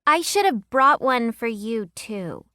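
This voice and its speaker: A woman voicing a bright, precocious little girl who lectures emphatically in an audiobook. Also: on the high side, expressive, slow, dry recording, clean studio sound, pitched above the performer's own voice, full character voice. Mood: eager.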